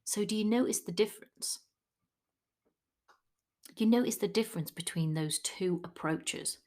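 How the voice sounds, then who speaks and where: A woman coach talks through her podcast episode in a chatty, informal way. Her voice sits at a middle pitch. She slips into lively put-on voices when she quotes people. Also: measured pace. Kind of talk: solo podcast coaching talk.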